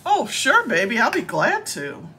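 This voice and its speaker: A woman's voice: on the high side, wildly swooping pitch, unhurried, bright, forceful tone, a little hiss or hum. A woman live-streaming while baiting a scammer, talking in a teasing, theatrical and playful way. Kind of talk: casual live-stream talk.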